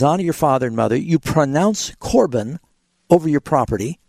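A man's voice: fairly high pitch, expressive, a little fast, vocal fry, darkish tone, no echo. A man hosting a call-in Bible radio show, patiently explaining scripture to callers with frequent fillers. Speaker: radio Bible program host.

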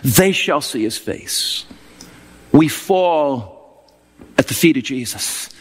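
A man's voice: medium pitch, expressive, slow pace, husky. A man preaching a sermon with emotional delivery that swells and drops. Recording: long hall reverb.

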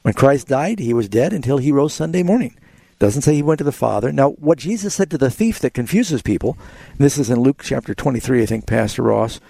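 A man's voice: mid-range voice, animated, a little fast, gravelly, dark tone, dry recording. A man hosting a call-in radio show, earnestly explaining Bible passages to callers. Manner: earnest, explanatory, quotes scripture. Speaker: radio Bible talk host.

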